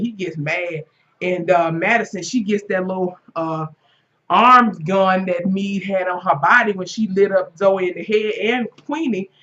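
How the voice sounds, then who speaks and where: A woman retells a TV episode in an animated, slangy and profane way, acting out the quotes and adding her own sound effects. Her voice sits in a middle pitch. The recording is dull and lo-fi. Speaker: TV episode reviewer. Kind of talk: casual episode recap.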